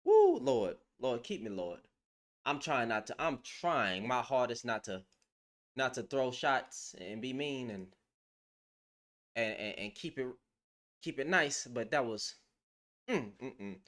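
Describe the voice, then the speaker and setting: Sassy woman ranting, lively pitch. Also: slow, long pauses. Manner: sassy, mocking, laughing, animated. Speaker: online commentator. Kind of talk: casual ranting commentary.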